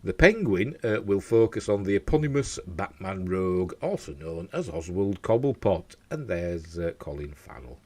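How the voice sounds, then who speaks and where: A man's voice: sits low, animated, moderate pace, few pauses, mellow. A man hosting a casual news show at home, reading out stories and rambling off into chatty asides, often tripping over his words.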